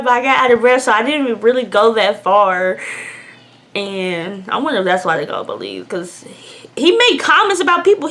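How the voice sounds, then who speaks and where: Young woman, storytime vlogger, candid and emotional, slightly high voice. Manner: candid, emotional, swings between hushed and loud. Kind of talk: storytime vlog.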